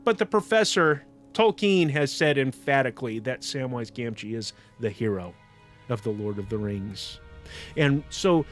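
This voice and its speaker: A man's voice: mid-range voice, animated, moderate pace, faint music behind. A man hosting a podcast, reflecting on a book in casual commentary with frequent restarts. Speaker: podcast host.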